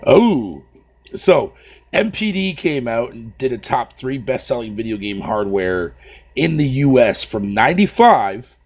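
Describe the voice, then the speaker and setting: A man ranting profanely on a casual live stream, talking to his viewers by name and swearing constantly. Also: medium pitch.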